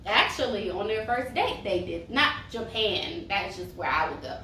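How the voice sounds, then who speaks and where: A woman's voice: medium pitch, big pitch swings, normal speed, bright, forceful tone. A young woman chatting casually as she reviews a reality TV show, sassy and full of tangents. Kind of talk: casual chat. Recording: roomy echo, mic far off, faint hiss.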